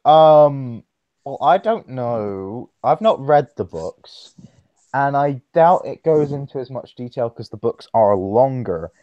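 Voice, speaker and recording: A young man chatting slowly on a podcast, his voice rising and falling a lot as he rambles, stumbles and restarts. The sound is dry and close, with no room around it. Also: medium pitch, expressive, no room sound, highs cut off. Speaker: podcast host. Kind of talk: casual chat.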